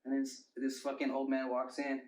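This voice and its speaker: A man's voice: mid-range voice, monotone, brisk, a little mellow, far from the mic. Profane rambling young man telling a story. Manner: profane, rambling storyteller, bro-talk fillers. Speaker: rapper and producer guest. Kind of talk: casual storytelling interview. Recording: roomy, mic set back.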